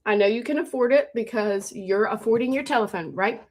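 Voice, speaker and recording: A woman hosting a phone live stream, pitching her courses fast and urgently, repeating herself and calling out viewers by name. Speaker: livestream host selling online courses.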